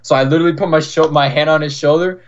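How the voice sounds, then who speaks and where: A man's voice: a little high, steady tone, quick pace. Young man from Florida, lo-fi call audio. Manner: chatty, fills talk with "like", acts out quoted dialogue. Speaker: podcast guest, competitive fighting game player. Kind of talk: casual storytelling. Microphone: online call.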